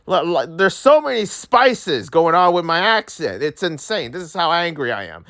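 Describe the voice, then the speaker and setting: In a ranting commentary vlog, a young adult voices frustration with repeated, restarted words and an accent that drifts when they get angry. Their medium-pitched voice is very animated, slightly bright, and at a normal pace.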